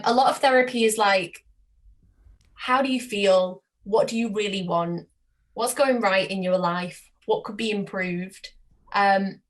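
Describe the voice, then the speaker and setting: British woman, podcast guest, chatty and upbeat, mid-pitched. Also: fairly bright tone. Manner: chatty and enthusiastic. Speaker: marketing agency CEO, podcast guest. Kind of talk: casual podcast interview.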